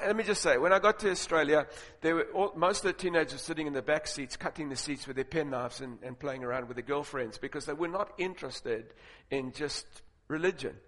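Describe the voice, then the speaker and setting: Man, preacher, sermon, storytelling, emphatic, higher-pitched, long hall reverb. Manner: storytelling, building to loud emphatic points. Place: large auditorium with audience.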